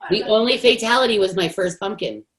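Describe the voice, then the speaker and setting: A woman's voice: medium pitch, a little fast, poor audio. A woman from the Dominican Republic co-hosting a casual podcast, telling chatty stories and acting out quotes. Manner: chatty storyteller, acts out quotes. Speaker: podcast co-host.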